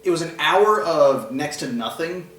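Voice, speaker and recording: A man reviewing a movie in casual chat, animated and quick to laugh. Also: fairly high pitch, roomy sound, recorded from a distance, a little hiss or hum.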